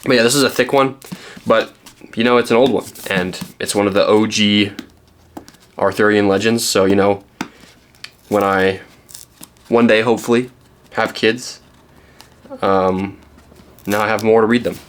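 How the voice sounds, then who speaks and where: A man's voice: on the low side, steady tone, unhurried, long pauses, slight background noise. A young man from Canada, chatting casually and rambling with lots of ums while showing the books he found. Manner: rambling, self-deprecating, many ums and restarts. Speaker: book vlogger.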